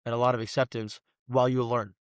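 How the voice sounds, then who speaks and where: A man, a guest telling animated, slangy stories on a casual podcast. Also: medium pitch, quick pace, no echo. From Los Angeles, USA. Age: 20s. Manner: animated storyteller, slangy, says "bro" often.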